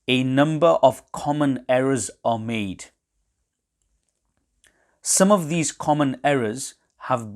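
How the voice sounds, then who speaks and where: A man teaching correct recitation, explaining pronunciation errors in a measured, precise way. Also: mid-range voice. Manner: measured and precise, pausing between phrases. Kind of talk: slow, deliberate instructional explanation.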